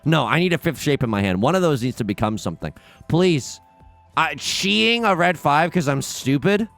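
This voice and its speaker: A young man narrates his gameplay to viewers, excitable and quick to trash-talk his opponents. His fairly high voice swings widely in pitch and drops into gravelly fry. Faint game music plays beneath him. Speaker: let's play host. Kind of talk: casual gameplay commentary.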